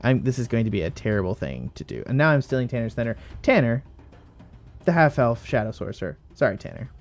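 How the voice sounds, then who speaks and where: A man hosting as dungeon master, chatting casually at a tabletop game in an excitable, profane way and laughing often. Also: mid-range voice, quick pace, faint music behind.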